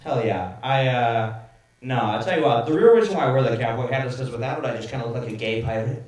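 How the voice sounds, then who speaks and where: A man's voice: medium pitch, fast talker, darkish tone, far from the mic, slight background noise. A man from Dallas doing a crude stand-up set and laughing at his own jokes. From Dallas, Texas. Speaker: stand-up comedian. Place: comedy club stage before a live audience. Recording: echoey club mic with crowd laughter. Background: audience laughter.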